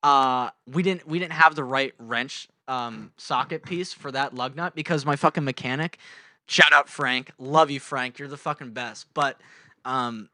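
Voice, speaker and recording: A man's voice: medium pitch, a little slow, bright, forceful tone, dry recording. A young man co-hosting a podcast, telling a rambling story in casual chat, swearing and acting out the voices of the people in it. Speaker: podcast co-host.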